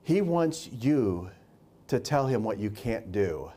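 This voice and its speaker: Man, preacher, sermon, warm tone, emphatic, repeats phrases. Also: lowish voice, big pitch swings, takes it slowly, slightly rough.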